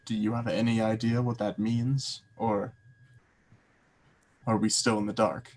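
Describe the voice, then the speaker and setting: A man lends his own voice to a wary adventurer who stammers out his worries in a low, unhurried voice. The hero sounds uneasy and careful, pausing between words. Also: level tone, slight background noise. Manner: hesitant, stammering.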